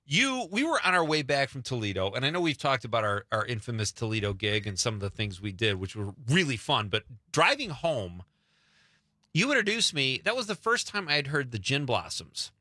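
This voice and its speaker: A man's voice: medium pitch, very animated, fairly quick, bright, forceful tone, dry recording, clean studio sound. A middle-aged man hosting a show, chatting casually and laughing easily with his guest. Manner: easygoing, laughs often. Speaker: radio show host. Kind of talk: casual chat.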